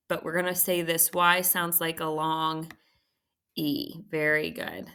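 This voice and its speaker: A woman teacher walking students through a recorded phonics lesson, patient and checking in often with a quick "okay?". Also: low voice, pushed and bright, clean tone.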